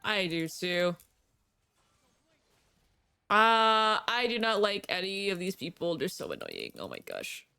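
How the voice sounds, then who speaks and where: A woman's voice: on the low side, sing-song, takes it slowly, vocal fry, long pauses, pushed and bright, clean tone, no echo. A young woman livestreaming a game, chatting in a bubbly way with viewers and reacting aloud to the play. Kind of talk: casual gaming stream chat.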